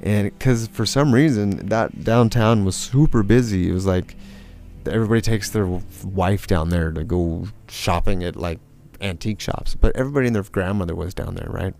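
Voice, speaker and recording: A man's voice: low voice, normal speed, gravelly, a little mellow, soft background music. A man from California casually telling a rambling, profane personal story, full of fillers and acted-out quotes. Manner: acts out quotes in a raised, mocking voice.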